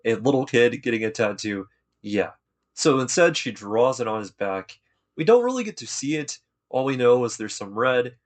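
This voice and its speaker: A man talks through an anime episode in a relaxed, chatty way. He drops slang and retells each scene with easy enthusiasm, in a voice of ordinary middle pitch. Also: normal speed. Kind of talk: casual episode recap.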